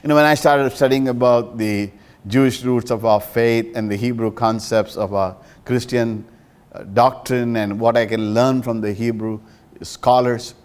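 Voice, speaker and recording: A man preaching a sermon as a pastor and counselor, emphatic and pleading. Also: a little mellow. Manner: emphatic, pleading, with dramatic pitch swings.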